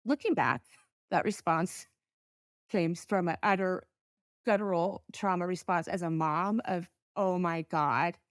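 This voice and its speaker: A middle-aged woman, a podcast guest, telling a personal story in an earnest, halting way with pauses to gather herself. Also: on the low side, no room sound, clean studio sound.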